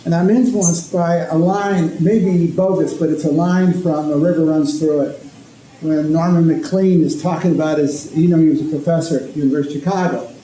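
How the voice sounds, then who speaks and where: A very dark, mellow male voice in a roomy, echoing hall with faint noise behind it. He is a priest from Connecticut giving a loose, conversational lecture, often pausing to ask "okay?" He sounds like he is talking with the audience, not reading to them. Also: a little high, fairly even intonation. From Connecticut, USA. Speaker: speaker, priest and ethicist. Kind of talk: informal lecture.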